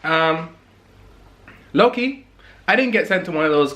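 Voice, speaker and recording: A young man from England tells a story in a casual vlog, animated and emphatic, repeating lines for effect. His voice is on the high side and his pace measured.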